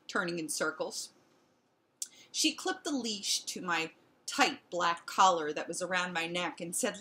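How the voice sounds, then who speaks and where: A woman reading a children's picture book aloud with expressive storytelling. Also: fairly low pitch, normal speed. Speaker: storybook reader.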